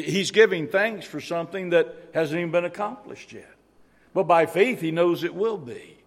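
A man preaching a sermon in an earnest way, often repeating and restarting phrases for emphasis. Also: on the high side. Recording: long reverb of a hall.

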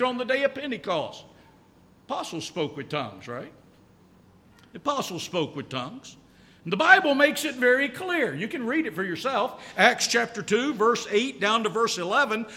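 A man preaches a sermon in a church, his voice high and bright. He hammers his points home with repetition and rhetorical questions. The sound carries a long hall reverb. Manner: emphatic, repeats key lines, rhetorical questions. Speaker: pastor.

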